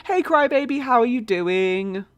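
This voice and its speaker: A woman's voice: on the high side, lively intonation, measured pace, soft background music. A British woman streaming a life-sim game, chatting casually, thinking aloud and greeting viewers in her chat. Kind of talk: casual gameplay commentary.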